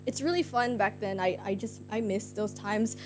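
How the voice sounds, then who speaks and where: A woman's voice: medium pitch, moderate pace. A young woman streamer casually telling a story to her chat, rambling with lots of "like" fillers, giggly and self-conscious. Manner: rambling, heavy use of "like" fillers. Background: guitar music.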